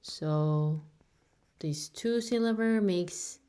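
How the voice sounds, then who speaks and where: A woman's voice: medium pitch, lively intonation, drawn-out words, long pauses, darkish tone. A woman teaching a beginner language lesson, a native Korean speaker who patiently repeats each sound several times for learners.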